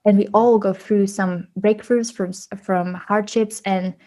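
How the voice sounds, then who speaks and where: A woman guest, telling stories in a casual podcast interview and acting out quoted dialogue with big pitch jumps. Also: fairly even intonation, measured pace, warm tone. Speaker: podcast guest, autism advocate.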